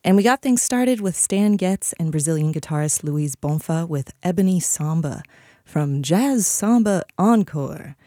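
Low-voiced woman radio DJ. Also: animated, unhurried, mellow, dry recording, clean studio sound. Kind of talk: live radio back-announcing. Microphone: studio broadcast mic.

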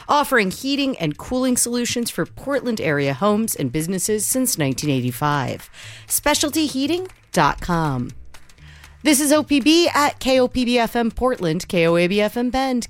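A woman hosting a local morning radio show, announcing headlines, weather and station IDs in a lively way. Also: on the high side. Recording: faint music bed.

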